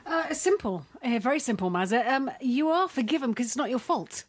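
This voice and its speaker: A woman's voice: sits high, lively intonation, fairly quick, dry recording. A British woman on a radio panel, giving an easygoing, hesitant verdict in casual studio banter.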